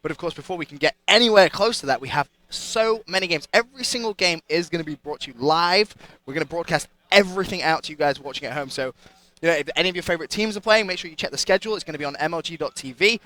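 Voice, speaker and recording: Fast, bright British esports caster. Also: male voice, on the high side. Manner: enthusiastic, hype-building. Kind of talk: live esports commentary.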